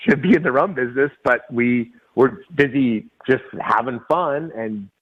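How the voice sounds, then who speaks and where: A man's voice: medium pitch, normal speed, breathy edge. Laughing man telling stories on a dull line. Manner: laughs often, acts out quoted dialogue. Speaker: guest, winery and rum company owner. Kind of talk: casual storytelling interview. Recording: dull lo-fi call-in audio.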